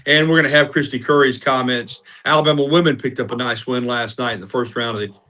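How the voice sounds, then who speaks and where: A man's voice: medium pitch, fairly even intonation, fast talker, pushed and bright. A man with a Southern accent, a radio sports host appearing as a guest, talking in a rambling way and repeating words. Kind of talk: casual sports talk.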